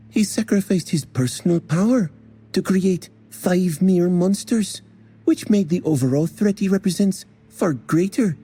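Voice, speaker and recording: A cocky young woman warrior, drowsy and sure of herself, as a male narrator puts her on, her lines raised above his usual register. The voice is dark and husky, with a lazy drawl. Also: on the high side, pitched above the performer's own voice.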